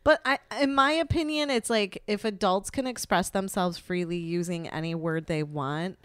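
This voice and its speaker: A woman in her forties chatting casually, blunt and full of swearing. Her voice sits at a middle pitch. The sound is close and dry, with no room echo. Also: normal speed, clear, resonant tone. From Chicago. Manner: blunt, profane and animated. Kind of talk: casual chat.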